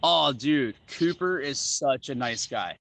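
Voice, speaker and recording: A man chatting casually, telling animated stories full of "like" and "dude". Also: medium pitch, takes it slowly, creaky, dry recording, poor audio. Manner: animated storyteller, lots of "like" and "dude". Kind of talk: casual chat.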